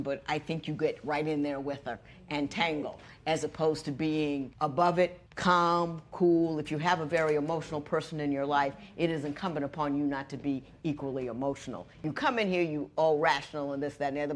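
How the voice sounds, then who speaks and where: A middle-aged woman judge on a courtroom show, firmly lecturing and advising the couple, moving between stern and gentle. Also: low-pitched. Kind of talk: courtroom ruling and advice.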